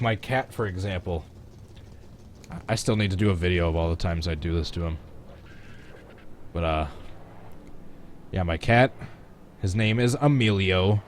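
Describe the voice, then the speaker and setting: A low-pitched man streams a racing sim from home, with slight background noise behind him. He offers casual commentary, reacting to the action and to his viewers.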